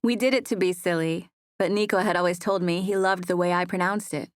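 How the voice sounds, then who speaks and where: A woman narrating a first-person romance audiobook in a soft, intimate storytelling manner on a close studio mic. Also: lowish voice, fairly even intonation, fairly quick, no echo.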